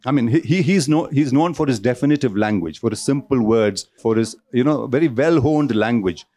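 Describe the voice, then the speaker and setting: A man's voice: mid-range voice, a little fast, mellow. Man lecturing with many restarts. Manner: discursive, with frequent restarts and repeated words. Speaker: speaker at a cultural centre talk. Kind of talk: public lecture. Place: lecture hall.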